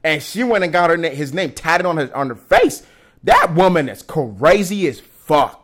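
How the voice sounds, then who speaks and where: A man's voice: fairly high pitch, normal speed. A man hosting a casual commentary show, ranting with indignation, swearing often and restarting his sentences. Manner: animated, indignant, profane rant with many restarts. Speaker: commentary host.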